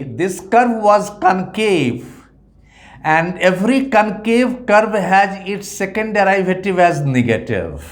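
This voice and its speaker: A man gives a methodical maths lecture as an economics tutor, repeating each point. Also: high voice. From India. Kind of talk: math lecture.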